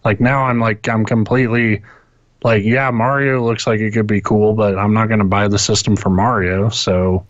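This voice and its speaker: A man's voice: lowish voice, little pitch movement, moderate pace, no echo, highs cut off. A man co-hosting a podcast, chatting casually about video games in a rambling way, swearing often and restarting his sentences. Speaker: podcast co-host. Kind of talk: casual gaming chat. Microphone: internet call.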